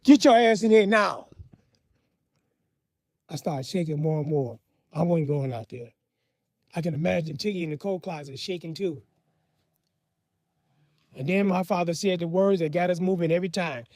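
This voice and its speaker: A man's voice: on the high side, no room sound, studio quality. A man telling a personal story from his childhood in a vivid, dramatic way. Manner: animated, vivid, dramatic pauses.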